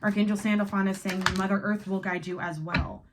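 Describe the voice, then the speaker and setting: A woman's voice: mid-range voice, fairly even intonation, brisk, background noise. A woman giving a casual spiritual tarot reading, emphatic and swearing now and then, slipping into the inner voices of her listeners. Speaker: tarot reader.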